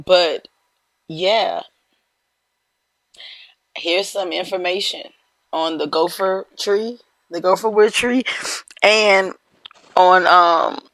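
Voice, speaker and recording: A reaction host giving casual commentary with lots of ums, calling the viewers y'all. The voice is bright and a bit tense. It is recorded close and dry. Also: mid-range voice, no echo. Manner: hesitant, many ums, addressing viewers as y'all.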